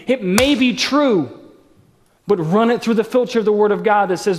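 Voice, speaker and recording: At a live church service, a pastor with a very high yet darkish voice preaches briskly. He sounds casual and jokes while sharing personal stories, and the large church hall gives a long reverb.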